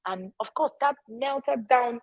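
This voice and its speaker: A woman's voice: on the high side, takes it slowly, low-quality recording. A middle-aged woman, speaking casually to parents. She is emphatic, repeats key phrases and often checks in with "all right?". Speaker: parenting educator.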